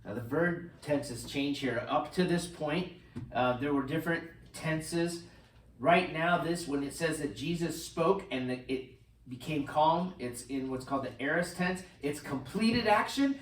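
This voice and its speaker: A man preaching a sermon as pastor, animated, swinging between loud bursts and hushed lines. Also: a little high, roomy sound, distant mic, low-quality recording. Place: church sanctuary.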